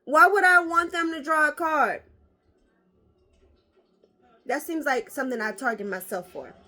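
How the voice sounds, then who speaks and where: Bright, lively woman vlogger. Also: high voice, unhurried. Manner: animated, swears freely, laughs and exclaims. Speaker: vlogger opening card packs. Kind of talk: casual chat.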